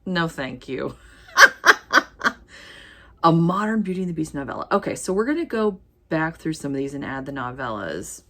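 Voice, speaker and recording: Chatty woman vlogger, low voice that swoops widely, reading titles with playful asides. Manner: chatty, animated, reads titles aloud with quick asides and laughs. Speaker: book vlogger. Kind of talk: casual chat while sorting ebooks.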